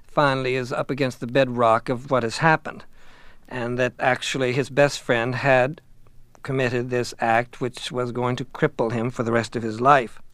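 Male reader for a literature lesson, measured delivery, dry recording. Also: medium pitch, little pitch movement, fairly bright tone, dry recording. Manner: measured, with hesitant fillers in summary. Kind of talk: reading a novel aloud and summarizing it.

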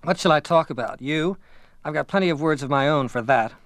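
A man's voice: a little high, fairly quick, a bit bright, no echo. Male reader doing a blunt injured teen jock, curt and contemptuous, dry read. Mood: scornful. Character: injured teenage schoolboy athlete, blunt, contemptuous.

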